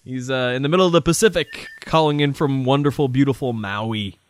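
A man's voice: medium pitch, fairly quick. A man hosting a casual podcast panel chat, playful and fond of alliteration. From Providence, Rhode Island. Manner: playful, alliterative show intro. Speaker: host.

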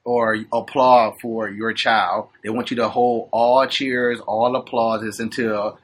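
A man's voice: mid-range voice, flat delivery, takes it slowly, fairly bright tone, husky. A man hosting a podcast, talking in loose slangy banter and laughing often. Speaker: podcast host. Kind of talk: casual chat.

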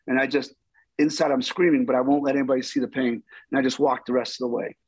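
A middle-aged man, a stunt performer, telling stories in an interview with lively, acted-out dialogue. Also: medium pitch, fast talker, slightly rough, no echo, rough recording. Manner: animated, acts out quoted dialogue. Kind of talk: storytelling interview.

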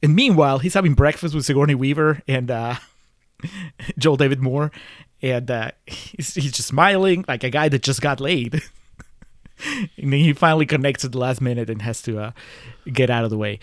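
A man with a mid-range voice talks through a film plot in a loose, chuckling way, pausing on uhs as he builds hypotheticals. His voice is close and dry, with no room sound. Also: mid-range voice, no room sound. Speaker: podcast co-host. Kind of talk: casual movie review chat.

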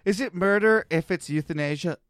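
A man's voice: sits high, brisk, no echo, clean studio sound. A man in his thirties co-hosting a podcast, telling a rambling story with lots of swearing and self-mocking laughs. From Canada. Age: 30s. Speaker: podcast co-host. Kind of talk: casual storytelling chat.

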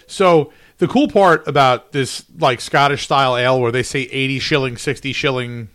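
A man's voice: mid-range voice, fairly even intonation, normal speed, fairly bright tone, no echo, studio quality. A man co-hosting a casual beer chat who brews his own beer and explains styles in detail, hedging as he goes. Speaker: podcast co-host, homebrewer.

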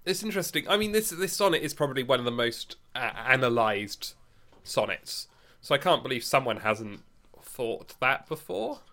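A man co-hosting a casual chat, chatty and quick to laugh, with many restarts. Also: medium pitch, sharp tone.

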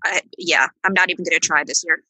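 A woman's voice: on the low side, steady tone, fast, pushed and bright, husky, dry recording, rough recording. A woman on a casual podcast chat, plain-spoken and enthusiastic. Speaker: podcast guest.

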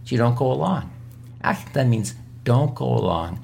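A man's voice: medium pitch, expressive, moderate pace, creaky, a little mellow, slight background noise. A man, a physician, giving emphatic, repetitive coaching advice as an interview guest. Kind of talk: instructional interview answers.

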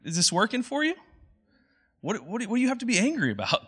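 A patient, calm God asks gentle questions in a soft voice, as a man puts him on. The tone stays light and fairly bright. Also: high-pitched, quick pace, slightly rough, pitched above the performer's own voice, exaggerated voice. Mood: gently questioning.

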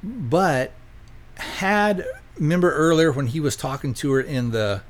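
A man's voice: fairly high pitch, a little slow. Man rambling through a casual plot recap. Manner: rambling, quotes characters loosely, lots of fillers. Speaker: podcast host reviewing films.

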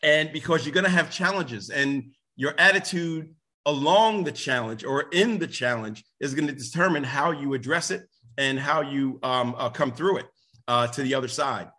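Energetic husky-voiced male motivational speaker. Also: normal speed. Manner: energetic, jumps to high excited shouts; rambling with many restarts and asides. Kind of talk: live motivational talk.

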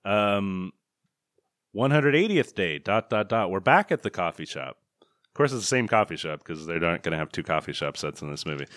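A man's voice: low-pitched, lively intonation, moderate pace, a bit bright, dry recording, clean studio sound. A man recapping a film scene by scene in casual, profane chat, laughing and acting out lines. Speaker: podcast co-host reviewing a film.

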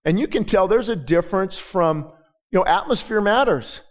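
A pastor preaching a sermon in a church, swinging from soft, halting storytelling to loud, fervent proclamation full of repeated phrases. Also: male voice, high voice, animated. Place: church with a balcony.

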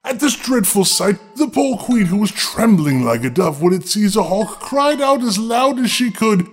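A man telling a fairy tale with a high, lively voice that rises and falls a great deal. He breaks in with playful, wry asides, and soft music runs under his reading. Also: normal speed. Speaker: storyteller host.

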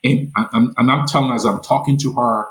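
A middle-aged man tells his story as an interview guest, in a voice of ordinary pitch. He talks with lively energy, acts out the people he quotes, and often stumbles over repeated words. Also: fast, low-quality recording. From Nigeria.

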